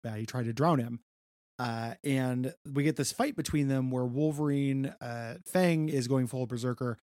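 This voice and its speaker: A man's voice: medium pitch, moderate pace, a little mellow, no room sound, clean studio sound. A man co-hosting a casual podcast, recapping a comic book in a chatty way with stammered repeats and casual swearing. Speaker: podcast co-host.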